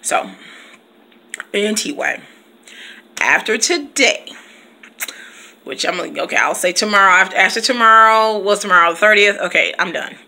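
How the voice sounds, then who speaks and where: A woman's voice: medium pitch, expressive, moderate pace, gravelly, long pauses, pushed and bright. A woman teacher vlogging in a casual, playful chat, laughing often and breaking into bits of song. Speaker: teacher and video blogger. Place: at home, reading from her computer.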